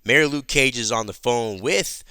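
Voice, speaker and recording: Chatty man recapping comics, bright crisp voice. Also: medium pitch, unhurried, dry recording, studio quality. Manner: chatty, animated storyteller. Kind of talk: casual comic book recap.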